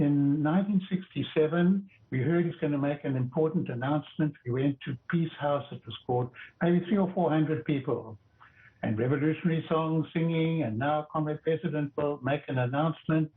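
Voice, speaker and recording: An older man and former judge recounting memories in an interview, reflective, often stumbling over and repeating words. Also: on the high side. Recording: tinny phone-like line.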